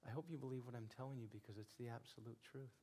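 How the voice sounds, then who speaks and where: Gravelly, husky-voiced male preacher. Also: mid-range voice, fairly even intonation, quick pace, mellow. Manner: earnest, conversational storytelling; repeats phrases for emphasis. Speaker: pastor. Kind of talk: sermon.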